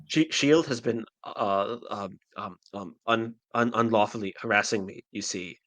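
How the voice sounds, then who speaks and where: Man performing smug male billionaire villain, hesitant and stammering, low and hushed, dry sound. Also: dry recording. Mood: evasive. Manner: halting, full of ums and restarts.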